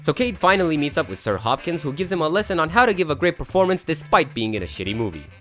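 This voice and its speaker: A man's voice: a little high, very animated, fast, a bit bright, faint music behind. Sarcastic man narrating a comedic movie recap. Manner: sarcastic, jokey asides.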